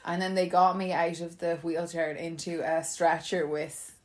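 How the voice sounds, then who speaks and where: A woman's voice: lowish voice, little pitch movement, moderate pace. A young woman animatedly telling a funny personal story in casual chat, often breaking into laughter.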